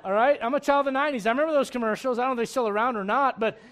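A man in his thirties preaching a sermon in a conversational way, swinging between loud emphasis and hushed asides. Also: extremely high pitch, very fast. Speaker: pastor.

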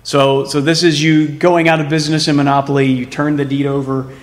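A man's voice: fairly high pitch, flat delivery, fairly quick. A man preaching a sermon as pastor. He speaks emphatically and puts rhetorical questions to his congregation. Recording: long hall reverb.

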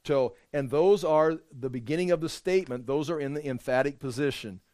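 A man's voice: fairly high pitch, a little fast, a little mellow, no room sound, clean studio sound. A man teaching a verse-by-verse bible study, explaining as he goes and often repeating words while he thinks aloud.

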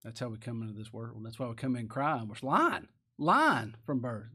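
A man preaching a sermon in a folksy style, with rhetorical tag questions, swinging from loud to hushed. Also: mid-range voice, lively intonation, normal speed, slightly rough. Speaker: pastor.

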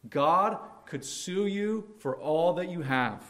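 A man preaching a sermon with emphasis, slowing and dropping to a hush on key words and acting out quotes. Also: high voice, animated. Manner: acts out quoted speech with quick, raised lines. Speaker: pastor.

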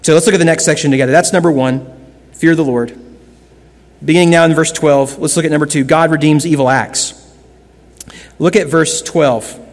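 A man preaching a sermon as pastor, earnest, shifting between loud emphasis and hushed lines. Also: on the high side, fairly even intonation, moderate pace, pauses often, in a large hall.

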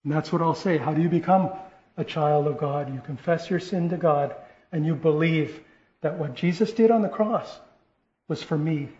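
A man's voice: fairly high pitch, normal speed, darkish tone. A man preaching a sermon, earnest, often restarting phrases and rising to stress key points. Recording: echoey room, dull lo-fi sound.

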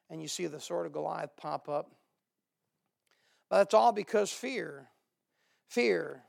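A man preaching a sermon, with a high, gravelly voice. He hammers on repeated phrases and swings between loud outbursts and low, quiet asides. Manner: emphatic, rising to loud bursts then dropping low; repeats key phrases for emphasis.

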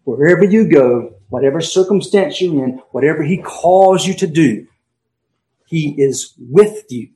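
Man, pastor, sermon, emphatic, slightly high voice, dramatic pauses. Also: expressive, mellow, low-quality recording. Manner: emphatic preaching with dramatic pauses and swings in volume.

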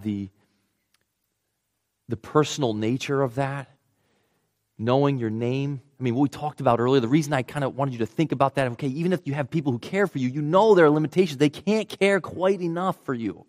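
A man preaching a sermon in an earnest way, often restarting words and dropping to a soft hush at tender points. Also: mid-range voice, fairly quick. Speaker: pastor.

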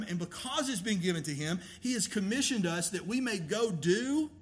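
A man preaching a sermon as a pastor, emphatic and animated, asking rhetorical questions. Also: sits high, a little hiss or hum.

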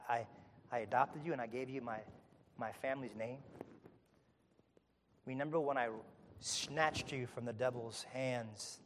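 A man preaching, voicing Jesus as he gently rebukes ungrateful believers with soft, teasing rhetorical questions. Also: medium pitch, in a large hall, a little hiss or hum, lightly acted.

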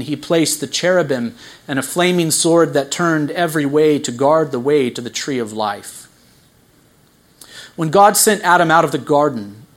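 A man preaching a sermon, explaining scripture with earnest emphasis, swelling on key lines and dropping to quiet asides, with some stammered restarts. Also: fairly high pitch.

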